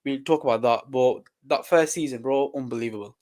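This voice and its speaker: A man's voice: mid-range voice, fairly quick, darkish tone. A young man co-hosting a podcast, chatting casually and enthusiastically. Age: young adult. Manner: enthusiastic, says "bro" often. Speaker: podcast co-host. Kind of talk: casual chat.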